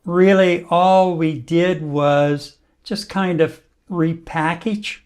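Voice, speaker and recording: A man hosts a talk show in a conversational, wry manner, reading listener comments aloud between remarks. His voice sits a little higher than most men's. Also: fairly even intonation, slow pace, darkish tone. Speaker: host.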